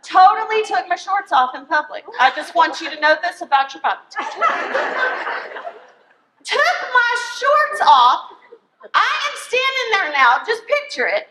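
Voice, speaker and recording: A woman, a Bible teacher telling a funny story to her study group in an animated, laughing way, squealing when excited. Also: very high voice, a little fast, hardly any pauses, echoey room, background noise.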